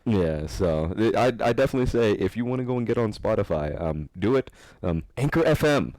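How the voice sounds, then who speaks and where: Low guy rambling on his podcast, voice jumps all over, dry close sound. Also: a little fast, no echo. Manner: rambling, animated storytelling with laughs. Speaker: podcast host. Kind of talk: casual podcast chat.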